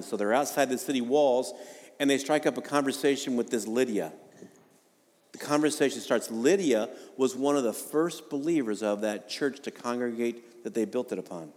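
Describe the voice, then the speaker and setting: A man's voice: mid-range voice, darkish tone, long reverb tail. A male pastor preaching a sermon in a conversational way, with jokes and rising emphasis.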